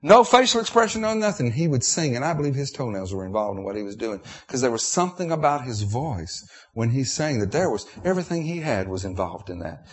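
A man's voice: mid-range voice, expressive, fairly quick, a little mellow, slightly rough. A middle-aged man preaching a sermon, emotional and repetitive, with restarts.

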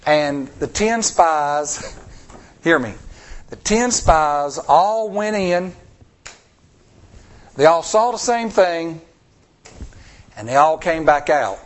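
A male pastor giving an expressive sermon, asking the congregation rhetorical questions and acting out the voices of people he quotes. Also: a little high, drawn-out words, long pauses.

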